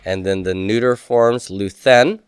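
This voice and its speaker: A man with a low, smooth voice teaches a lesson. He asks his class questions, answers them himself and drills word forms aloud, recorded dry and close with no room sound. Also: normal speed, dry recording. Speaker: Greek teacher. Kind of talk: recorded lecture.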